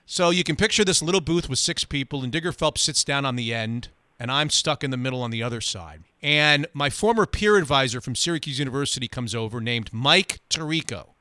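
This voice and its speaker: A man hosting sports radio, telling a story in a lively, quick way. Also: medium pitch, no echo. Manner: animated, quick anecdote telling. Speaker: radio host.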